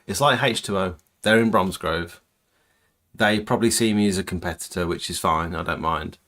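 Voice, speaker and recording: Guy hosting a stream, very deep voice, easygoing, plain-spoken. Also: moderate pace, a bit bright. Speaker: pressure washing business owner and stream host. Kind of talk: casual chat on a livestream.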